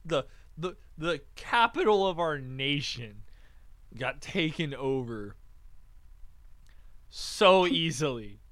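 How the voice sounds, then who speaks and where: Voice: medium pitch, very animated, slow, long pauses, a bit bright, no echo. A young adult podcast host talking in a casual comedic chat, swearing freely and laughing often.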